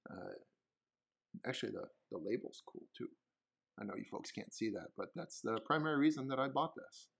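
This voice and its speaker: A man co-hosting a wine podcast in casual chat, with dry, deadpan humor. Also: medium pitch, fairly quick, creaky.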